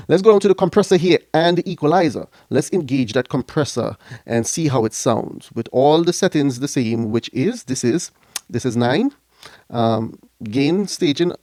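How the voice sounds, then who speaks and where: A man's voice: medium pitch, warm tone. Casual man demoing gear into a mic. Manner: loose and conversational, checks in with the viewer after nearly every phrase. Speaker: product reviewer. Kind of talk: casual hands-on gear demo. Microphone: speaking into a studio mic run through the mixer being tested.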